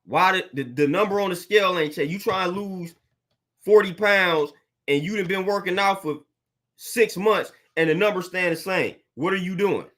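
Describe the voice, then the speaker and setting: A man's voice: sits high, moderate pace, a bit bright. A young adult man, a fitness trainer, ranting bluntly and preachily to camera, repeating himself and using slang. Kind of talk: blunt motivational rant to camera.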